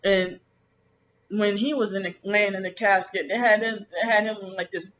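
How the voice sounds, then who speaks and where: Man, high and bright, halting bitter vlog rant, lo-fi dull audio with light hiss. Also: steady tone. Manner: rambling, halting, many restarts; bitter and resentful about family. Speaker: vlogger. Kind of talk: casual personal monologue. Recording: dull lo-fi with faint background noise.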